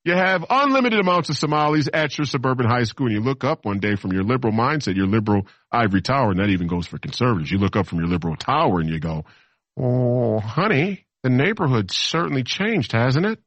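A man in his thirties with a very low voice delivers a loose, rambling political talk-show monologue, repeating phrases and tossing in mocking asides. The sound is dry and close, with no room around it. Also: lively intonation, rapid-fire, hardly any pauses, a bit bright, no echo. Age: 30s.

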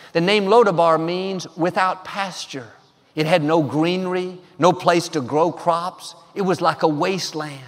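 A man preaching with a high, bright-toned voice, pressing each affirmation with growing emphasis. His words ring out with the long reverb of a large hall. He delivers a sermon to a congregation. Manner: emphatic, declaring affirmations with rising force. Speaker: pastor.

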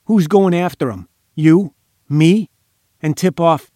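A man's voice: a little high, slow pace, warm tone, dry recording, studio quality, voice pushed up. A man doing a coarse snarling thug. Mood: growling. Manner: growling, snarling, rasping. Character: rough coarse jeering male thug.

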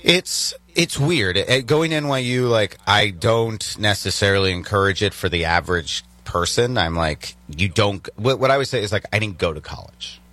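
A man's voice: fairly low pitch, moderate pace, few pauses, no echo. A young man from Virginia, a stand-up comedian, telling stories in casual chat with lots of restarts. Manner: animated storytelling with many restarts.

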